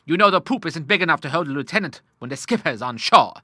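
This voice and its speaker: A man's voice: fairly high pitch, expressive, fast talker, pushed and bright, no room sound, clean studio sound, pitched above the performer's own voice. A man voicing a bluff, courteous old naval admiral in an audiobook, hearty and full of sea talk. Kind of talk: audiobook character voice.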